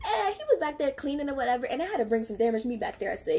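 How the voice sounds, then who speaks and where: A woman's voice: high-pitched, rapid-fire. A young woman casually telling a story from her own past, acting out the lines of the people in it. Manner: animated and confrontational, acting out quoted lines. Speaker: storyteller vlogger.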